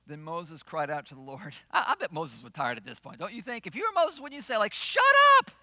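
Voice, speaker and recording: A male pastor preaching a sermon, swinging from loud declarations to hushed asides and playing out the voices he quotes. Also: fairly high pitch, wildly swooping pitch, quick pace, no echo.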